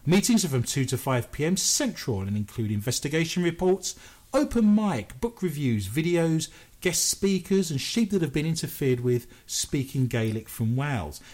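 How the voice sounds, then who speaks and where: Animated British man hosting a radio show. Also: fairly high pitch, moderate pace. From Britain. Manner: playful, jokey, self-mocking. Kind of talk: paranormal news radio show.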